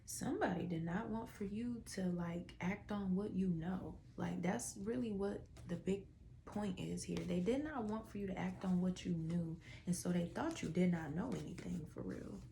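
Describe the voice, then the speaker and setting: A woman's voice: on the low side, normal speed, creaky, warm tone, a little hiss or hum. A woman giving a casual tarot reading to viewers, with a stuffy nose, drawling through fillers and dropping into whispers. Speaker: tarot reader.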